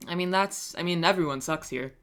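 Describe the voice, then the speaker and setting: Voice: medium pitch, brisk, a bit bright. A streamer chatting casually on a live stream, reading chat messages aloud and answering them with wry, self-mocking humor and frequent swearing.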